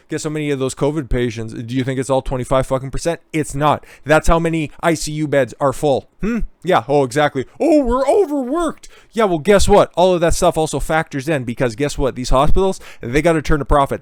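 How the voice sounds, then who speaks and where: A man's voice: a little high, smooth, no echo, studio quality. A man hosting political commentary, ranting angrily and sarcastically over news clips, with heavy swearing and mocking voices.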